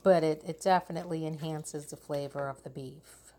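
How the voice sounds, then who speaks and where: A middle-aged woman talks through a home cooking vlog in her kitchen. Her voice sits a little low, and she chats easily, with frequent ums and quick self-corrections. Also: fairly even intonation, darkish tone, slight background noise.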